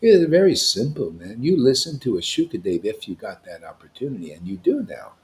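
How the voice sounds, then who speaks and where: Fervent male preacher, lively rising voice. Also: fairly low pitch, fairly quick. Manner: emphatic and confrontational, casual slang; swings between loud declarations and hushed asides. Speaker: spiritual teacher at a devotee gathering. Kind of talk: impassioned devotional sermon.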